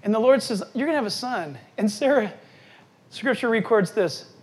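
A middle-aged man preaching a sermon as pastor, telling the story in a lively, animated way and speaking straight to his listeners. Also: high voice, moderate pace.

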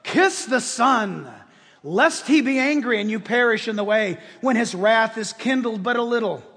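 A man preaching a sermon as pastor, impassioned and emphatic, often rising to shouts in front of his congregation. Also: extremely high pitch, normal speed. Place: church sanctuary with congregation. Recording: long hall reverb.

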